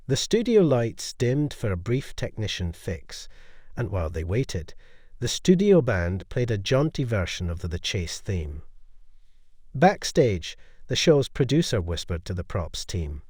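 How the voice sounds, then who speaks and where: A man telling a scripted story as narrator in a lively storytelling way. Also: lowish voice, unhurried, slightly rough, dry recording, studio quality.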